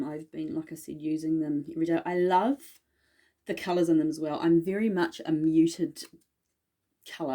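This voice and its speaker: A woman's voice: low-pitched, dark tone. A woman chatting casually in a haul vlog about her witchcraft purchases, rambling and self-deprecating as she goes. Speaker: witchcraft vlogger.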